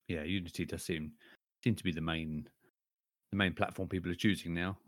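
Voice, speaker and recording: A man hosts a relaxed podcast in a very low voice. He is friendly and sometimes loses track mid-sentence, and the sound is dry and close. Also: fairly quick, no room sound. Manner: friendly, laughing, loses his train of thought. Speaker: podcast host. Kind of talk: casual podcast interview.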